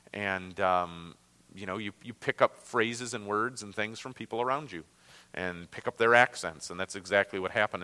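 A man with a Great Lakes American accent teaching a Bible lesson in an easy, conversational way, often pausing on fillers and restarting his sentences. His voice is bright and carries, and it rings out with a long reverb like a large hall. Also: on the low side.

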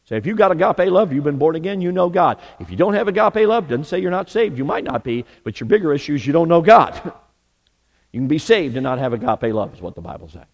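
A male pastor preaches emphatically in a church sanctuary, posing rhetorical questions to the congregation. His slightly high voice talks fast with big pitch swings, the highs are cut off, and a church hall's long reverb surrounds him.

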